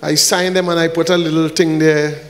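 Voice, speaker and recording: A man's voice: on the high side, flat delivery, normal speed, long reverb tail. A man preaching as a pastor, joking and bantering with the congregation while handing out gifts, sometimes breaking into short sung lines. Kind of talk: church service, handing out gifts. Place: church hall.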